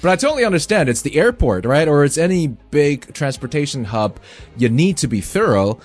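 A man's voice: a little high, very animated, fairly quick, darkish tone, dry recording. A man hosting a casual radio interview, easygoing and sympathetic, with some light teasing.

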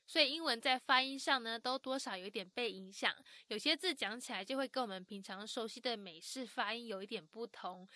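Bright, high-voiced host. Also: female voice, dry recording, clean studio sound. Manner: lively storytelling with English words mixed in. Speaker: host and narrator. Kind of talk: bright scripted narration.

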